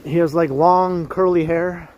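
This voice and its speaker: A man's voice: on the high side, fairly even intonation, unhurried, lo-fi sound. A man from Canada hosting a casual livestream while walking a snowy street, greeting chat viewers by name and laughing often. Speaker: livestream host. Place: snowy city street outdoors at evening.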